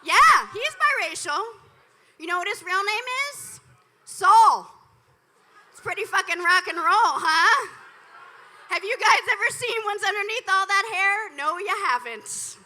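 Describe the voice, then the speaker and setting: A woman performs live stand-up on an indoor comedy club stage, speaking into a handheld mic with an extremely high, pushed, bright voice that's animated yet unhurried. She tells stories and tosses dry, profane asides to the crowd.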